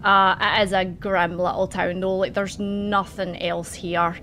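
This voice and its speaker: A woman's voice: on the low side, level tone, unhurried, sharp tone, a little hiss or hum. A woman narrating a tabletop game as game master, chatty and giggly.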